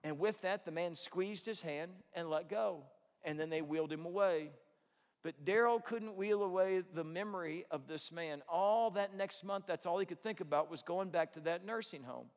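A man preaching a sermon, telling a story with earnest, animated delivery. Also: high-pitched, moderate pace. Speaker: pastor. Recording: long hall reverb.

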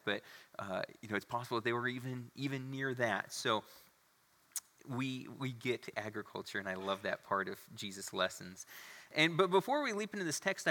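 Male pastor, casual sermon delivery with fillers, bright tone, reverberant sanctuary. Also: mid-range voice. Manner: conversational preaching with fillers and restarts, reads scripture aloud. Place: church sanctuary. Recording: long reverb of a church hall.

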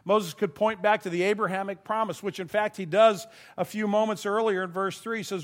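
A man, a pastor, preaching a sermon in an earnest, emotional way, laughing at times and quick to choke up. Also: sits high, steady tone. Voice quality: voice goes thin and quiet when choked up.

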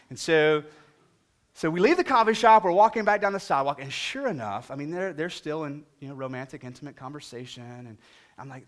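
Animated, slightly high-voiced male pastor. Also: fairly quick. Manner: animated, humorous storytelling. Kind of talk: sermon.

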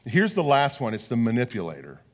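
A man's voice: medium pitch, wildly swooping pitch, a little fast. A middle-aged man preaching a sermon as pastor, earnest and often repeating words as he talks.

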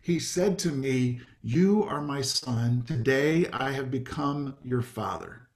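A man's voice: mid-range voice, lively intonation, takes it slowly. A man, a pastor, preaching a conversational sermon over a video call, with frequent ums and light asides.

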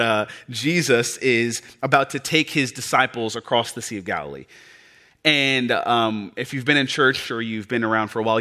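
A pastor preaching a sermon, dropping to a hush and then building to loud, passionate appeals. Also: male voice, mid-range voice.

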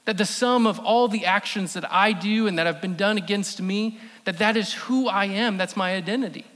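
A man preaching a sermon as pastor, emphatic, repeating key phrases and slowing down for stress. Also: high voice, a bit bright. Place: church sanctuary. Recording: long reverb of a church hall.

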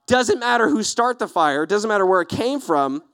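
A male pastor preaches with a high, lively voice, acting out little back-and-forth scenes. The sound is dry and close, with almost no room behind it. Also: moderate pace, clear, resonant tone, no room sound. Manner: animated, acts out little dialogues. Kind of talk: sermon.

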